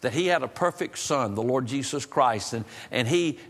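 A man's voice: medium pitch, lively intonation, moderate pace, fairly bright tone. A man preaching, telling a folksy story that rises into impassioned pleading. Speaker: pastor. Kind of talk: sermon storytelling. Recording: long reverb of a church hall.

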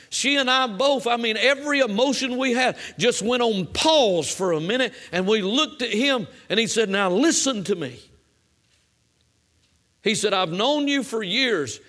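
A middle-aged preacher with a high, bright voice tells a personal story from the pulpit. His delivery is folksy and plainspoken, and it swells into fervent preaching. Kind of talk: storytelling sermon.

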